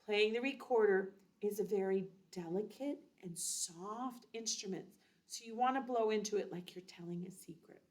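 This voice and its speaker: A woman's voice: mid-range voice, normal speed, few pauses, a little mellow. A woman teaching a children's recorder lesson, patiently explaining and chanting rhythms aloud. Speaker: music teacher.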